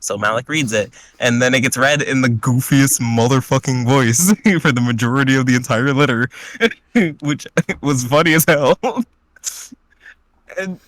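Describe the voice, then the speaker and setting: A man's voice: on the high side, dry recording. A man casually recapping a tabletop game session with crude, joking energy. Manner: crude, joking, animated retelling. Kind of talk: casual chat.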